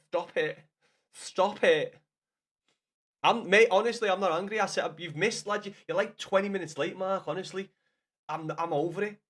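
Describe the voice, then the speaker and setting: A man streaming live, rambling and swearing, laughing a lot and talking to viewers by name. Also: on the high side. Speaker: livestreamer. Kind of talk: casual live stream chat.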